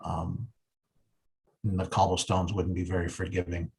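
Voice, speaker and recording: Male fire chief, lower register, earnest and halting delivery at a public meeting. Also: flat delivery, gravelly, darkish tone, a little hiss or hum. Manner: earnest, halting, with many 'um's and restarts.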